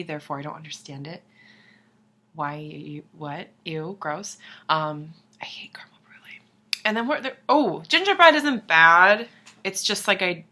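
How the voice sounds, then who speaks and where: A young woman talks straight to camera in a loose, rambling vlog, swearing freely and apologizing in the next breath. Her voice is bright and fairly low for a woman, and she slips into quiet whispered asides. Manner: rambling, profane, self-deprecating, drops into whispers. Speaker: vlogger. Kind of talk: casual chat to camera.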